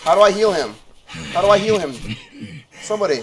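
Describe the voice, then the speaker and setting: A young man streaming a game, excitable and swearing, shouting orders to his teammate. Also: sits high, a little fast. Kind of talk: live gameplay commentary. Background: background music.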